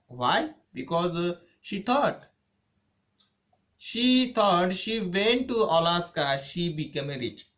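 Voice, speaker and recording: Slow-talking man, halting English, quizzing. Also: a little high, a bit bright. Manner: quizzes the listener with rhetorical questions; halting non-native English. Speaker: storyteller. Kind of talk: storytelling English practice. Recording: dull lo-fi recording.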